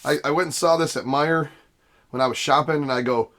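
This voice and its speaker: In a slightly high, fairly bright voice and at a somewhat fast clip, a gaming channel host rambles through his vlog. He laughs and interrupts himself often, filming on a desk camera in his home basement studio.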